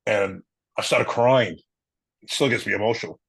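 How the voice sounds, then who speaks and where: A middle-aged man, a retired police officer, earnestly telling a personal story in an interview, halting and emotional at times. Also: on the low side, gravelly, a bit bright, slightly rough, dry recording, low-quality recording.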